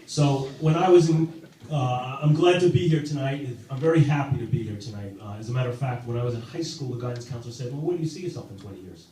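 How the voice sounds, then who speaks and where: A man doing a halting, self-deprecating stand-up set with many fillers and restarts, in a club basement with a live audience. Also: medium pitch, steady tone, mellow. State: sober, in recovery. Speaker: stand-up comedian. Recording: very echoey room, distant mic, audible noise.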